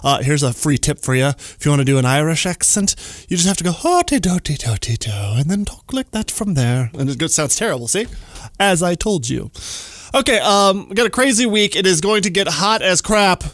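A man's voice: fairly high pitch, a bit bright, no room sound, studio quality. A man hosting a comedy news segment on the radio, joking and making sarcastic asides. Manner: jokey, playful, sarcastic asides. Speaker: radio show host.

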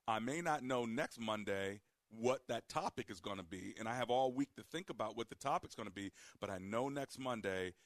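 A man's voice: fairly low pitch, normal speed, hardly any pauses, no room sound. A man hosting a call-in radio show, a preacher who talks to listeners directly and repeats key points.

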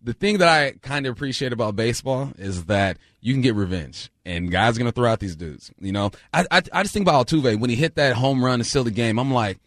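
A man's voice: mid-range voice, animated, fast talker, hardly any pauses, dry recording, clean studio sound. A male co-host giving blunt takes in casual sports talk, leaning on stock phrases. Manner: blunt, repeats himself.

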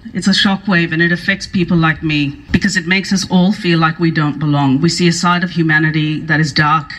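A woman's voice: lowish voice, a bit bright, poor audio. A woman giving an earnest, rousing speech at an outdoor rally, repeating phrases for emphasis. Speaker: politician speaking at a rally.

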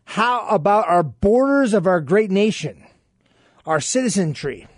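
A man's voice: sits high, big pitch swings, a little slow, husky, no room sound, studio quality. A man guest-hosting a political talk radio show, telling stories and acting out quoted exchanges. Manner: storytelling, acts out quoted exchanges.

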